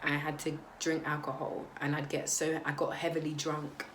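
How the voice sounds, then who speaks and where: A young woman tells her own story to camera in a candid, faltering way. Her voice sits low for a woman, with many "um"s and "like"s. A faint hiss runs under it. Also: completely flat delivery, moderate pace. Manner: candid, hesitant, lots of "um" and "like". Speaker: vlogger. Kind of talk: personal testimony to camera.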